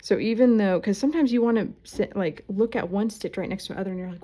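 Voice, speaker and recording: A woman's voice: medium pitch, fairly quick, hardly any pauses, warm tone. A woman, teaching embroidery at home in a chatty, self-deprecating way. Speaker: embroidery instructor. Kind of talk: casual tutorial talk while stitching. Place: at home, indoors.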